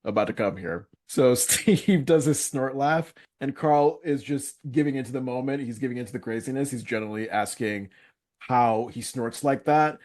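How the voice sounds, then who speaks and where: Animated male podcast co-host. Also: medium pitch, moderate pace. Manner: animated, acts out lines in put-on voices, laughs often, swears. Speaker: podcast co-host recapping a sitcom. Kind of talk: casual chat.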